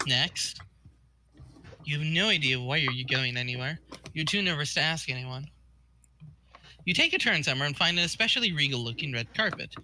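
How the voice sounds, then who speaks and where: Bright, high-voiced man reading dramatically. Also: animated, normal speed, long pauses, slight background noise. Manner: reads with dramatic flair, laughs often. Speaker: friend reading along. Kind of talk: casual chat while reading a webcomic aloud.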